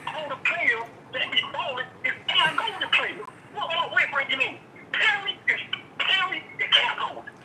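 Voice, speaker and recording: A man's voice: very high-pitched, lively intonation, moderate pace, noisy background. A man calling in to argue sports, insistent, interrupting and tripping over his words. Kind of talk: heated sports debate.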